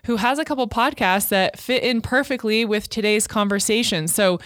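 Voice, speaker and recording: A woman co-hosting a podcast reads sponsor notes and interviews a guest in playful, casual conversation full of giggly banter. Her voice is on the high side and a bit bright, at a normal speed. The recording is dry and studio quality.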